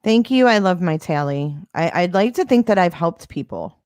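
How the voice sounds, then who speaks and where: A woman's voice: fairly low pitch, lively intonation, moderate pace, darkish tone, clean tone, dry recording, clean studio sound. A woman hosting a casual livestream, answering viewer comments in a sarcastic, defensive way. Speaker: livestream host.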